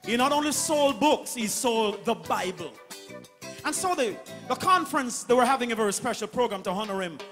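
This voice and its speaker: High, bright Jamaican stand-up comedian. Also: male voice. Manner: animated, repetitive comic storytelling with patois asides. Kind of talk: stand-up storytelling. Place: live concert stage.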